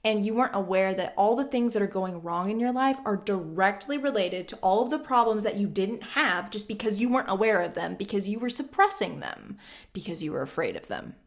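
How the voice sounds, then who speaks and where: A woman's voice: medium pitch, lively intonation, brisk. A woman in her twenties giving casual self-help advice to the camera, blunt and emphatic, repeating lines for stress. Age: 20s. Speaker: vlogger.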